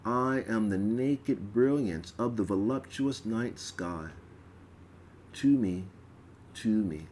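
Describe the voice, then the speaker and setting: Male reader, unhurried ritual-text reading, faint hiss behind. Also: lowish voice, darkish tone. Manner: slow, measured reading with stumbles.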